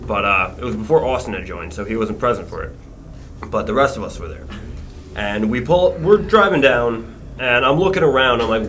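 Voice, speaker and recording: Man, band member, casual podcast storytelling, animated, swears, middle pitch. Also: normal speed, slight background noise. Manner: animated, swearing, laughs often.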